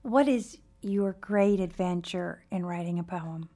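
A woman hosting an interview, asking brisk, playful questions. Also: fairly low pitch, warm tone. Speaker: host.

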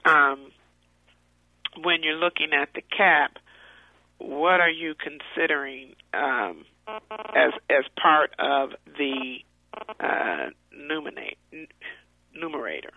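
A man calling in with a question, halting and full of fillers and restarts. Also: fairly high pitch, expressive, vocal fry, no echo. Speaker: caller asking questions. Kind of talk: conference call question. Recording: tinny phone line.

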